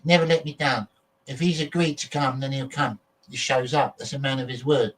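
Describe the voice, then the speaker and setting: A man's voice: mid-range voice, fairly even intonation, normal speed, fairly bright tone. A man hosting a casual livestream, talking bluntly and swearing freely while he chats with viewers. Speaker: show host. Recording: distant, choppy internet audio.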